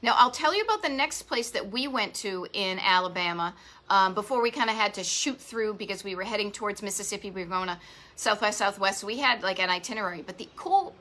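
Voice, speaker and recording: A woman's voice: mid-range voice, bright, forceful tone. A woman with a Boston accent hosting a retro travel live stream, talking in an enthusiastic, rambling way with lots of asides. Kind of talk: chatty live stream monologue. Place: home garage office.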